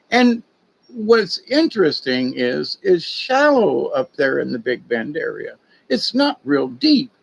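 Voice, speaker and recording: Folksy rambling man, slightly high voice. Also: highs cut off. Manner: folksy, digressive, conspiratorial storytelling. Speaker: spiritual talk host. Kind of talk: rambling casual monologue.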